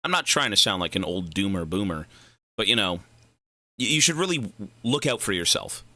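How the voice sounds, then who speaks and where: A young man streams a game and rambles through casual, profane tangents. His voice is very bright and swings widely in pitch. The sound is dry and close, with no room echo. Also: very animated, fairly quick. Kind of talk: casual livestream chat.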